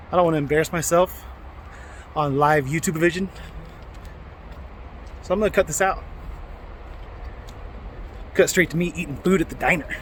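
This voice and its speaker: Strolling through a small mountain town, a male trucking vlogger talks to camera at a normal speed in a voice on the high side, pausing often. His casual chat is jokey, rambling and full of fillers, over a noisy background.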